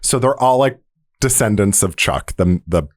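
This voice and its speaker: A man's voice: on the low side, lively intonation, moderate pace, no room sound, studio quality. A man co-hosting a podcast, telling a joking story in casual chat. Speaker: podcast co-host.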